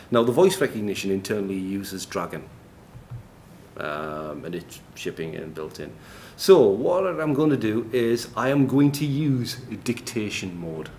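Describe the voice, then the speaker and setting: A man's voice: sits low, a little mellow. A man giving a live technical presentation in a noisy, echoey conference room, chatty and self-deprecating, often laughing. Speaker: conference speaker.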